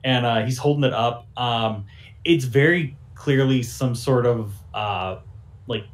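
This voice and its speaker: A man's voice: mid-range voice, unhurried. A man running a tabletop game as game master, narrating casually with lots of fillers. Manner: casual, filler-heavy storytelling.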